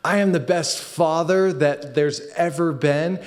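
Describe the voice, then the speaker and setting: A man's voice: fairly high pitch, a little slow, voice pushed up, lightly acted. A man voicing a boastful man who praises himself as the best at everything. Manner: bragging, loud and grand.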